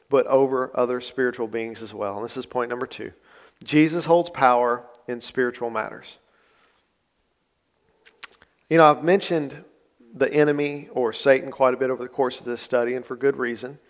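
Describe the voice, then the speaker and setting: A male pastor, preaching a sermon in a conversational, folksy manner. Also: medium pitch. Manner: conversational, plain-spoken, folksy asides. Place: church sanctuary. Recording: long church reverb.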